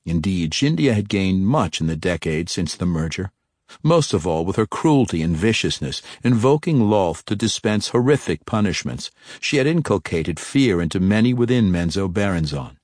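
A man narrating a dark fantasy novel in a steady, measured storytelling manner. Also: deep voice, dry recording, clean studio sound. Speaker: audiobook narrator.

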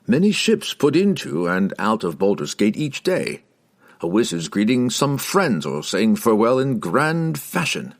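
A man's voice: mid-range voice, big pitch swings, a little slow, creaky, pitched above the performer's own voice, full character voice. A man reading the part of a genial, breezy man who shrugs off worries. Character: male ship host, genial and dismissive.

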